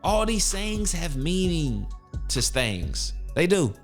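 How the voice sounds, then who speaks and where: A man's voice: a little high, very animated, slow pace, soft background music. A man hosting a podcast, giving a hyped-up, preachy motivational talk full of cussing. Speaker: podcast host.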